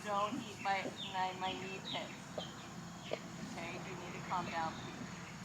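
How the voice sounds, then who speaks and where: A young woman vlogging outdoors on a farm, talking to the camera and cooing in high baby talk to her pigs. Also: steady tone, slow pace, pauses often. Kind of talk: casual vlog talk to pets and camera. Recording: outdoor noise and animal sounds behind.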